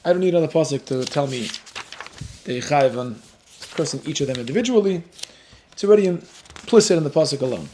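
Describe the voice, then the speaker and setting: A man teaching a Talmud class, animated and explaining step by step, with a story worked in. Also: fairly high pitch, fast talker, pauses often, a little hiss or hum. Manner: animated, switches between English and Hebrew-Aramaic terms.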